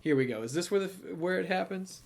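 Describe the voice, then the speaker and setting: A man's voice: high-pitched, expressive, fast talker, vocal fry. A tired man giving casual, profane gameplay commentary late at night, rambling between laughing asides. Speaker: let's play gamer.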